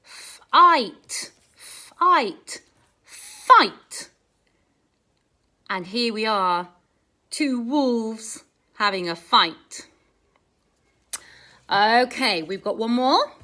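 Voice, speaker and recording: A woman teaching a phonics lesson to young children, sounding out letters slowly in a sing-song, exaggerated way. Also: a little high, a bit bright.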